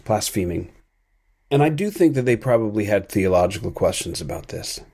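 A man with a low, warm and slightly husky voice gives a reflective devotional talk. He speaks earnestly and thoughtfully as a podcast host. His pace is unhurried. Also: very animated.

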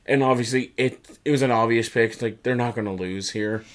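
A man at a medium pitch co-hosts a casual chat that recaps wrestling shows. He talks with animation and keeps slipping into put-on voices to act out what the wrestlers said. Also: steady tone, brisk. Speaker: podcast co-host.

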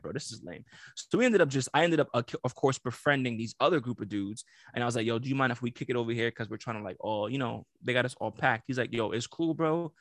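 A man co-hosting a casual podcast, telling an animated story and acting out the quotes, swearing freely. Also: mid-range voice, no room sound, studio quality. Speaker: podcast co-host.

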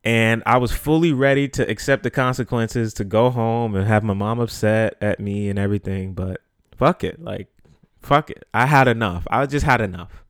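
Animated man telling a story. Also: lowish voice, normal speed, no room sound, studio quality. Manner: animated, profane, acts out quotes. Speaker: podcast host. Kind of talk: casual storytelling.

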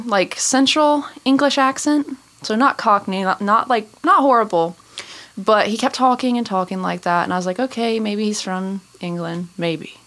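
A woman with an American accent, co-hosting a casual podcast chat and telling a story with lively laughter. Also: medium pitch. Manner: animated storytelling, laughs often. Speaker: podcast co-host.

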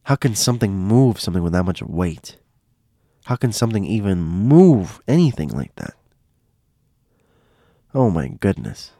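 A man's voice: deep voice, big pitch swings, a little slow, pauses often, dark tone, no room sound, studio quality. A man telling stories in a loose, casual way, often repeating himself and restarting phrases. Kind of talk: casual spoken storytelling.

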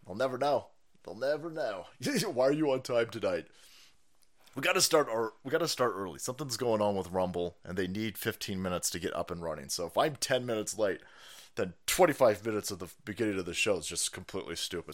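Foul-mouthed ranting man, lively voice. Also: fairly low pitch, a little fast. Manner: foul-mouthed, loud mocking outbursts and mimicry, laughing. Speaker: streamer host. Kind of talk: ranting live-stream commentary.

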